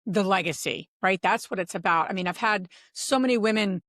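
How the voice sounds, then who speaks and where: Lively woman telling stories, dry mic. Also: medium pitch, fairly quick, no room sound. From Pennsylvania. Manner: animated storyteller, acts out quotes. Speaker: podcast guest, real estate investor. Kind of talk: casual interview talk.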